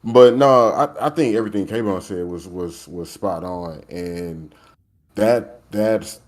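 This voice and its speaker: A man's voice: low-pitched, slow pace. A man co-hosting a gaming podcast, talking loosely and casually about his views in slang. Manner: loose, slangy opinion talk. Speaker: podcast co-host.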